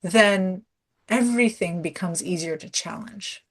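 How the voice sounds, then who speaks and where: A woman's voice: mid-range voice, unhurried, husky. A middle-aged woman coach in casual conversation, telling stories and acting out the voices in them. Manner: animated storyteller, acts out quoted dialogue.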